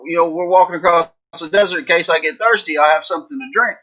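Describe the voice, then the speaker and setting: A man's voice: on the high side, quick pace, pushed and bright. A man voicing a self-assured cowboy in a spoken joke, confident and explaining.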